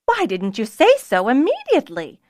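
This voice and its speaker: A woman's voice: fairly high pitch, big pitch swings, moderate pace, no echo, clean studio sound. A woman voicing a brusque, busy female kitchen cook who scolds sharply and gets flustered. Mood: flustered bellowing.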